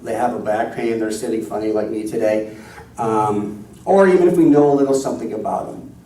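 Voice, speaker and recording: A male minister gives a conversational, self-deprecating sermon. His voice is warm and mellow. It is picked up from a distance in a large, echoey church hall. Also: mid-range voice. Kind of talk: sermon with storytelling.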